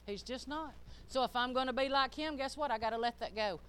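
An older woman preaching a sermon, emphatic and folksy, swinging between loud and hushed. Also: sits high, brisk, slight background noise.

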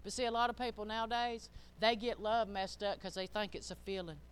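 An older woman preaching a sermon, emphatic and folksy, swinging between loud and hushed. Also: fairly high pitch, steady tone, fairly quick, slight background noise.

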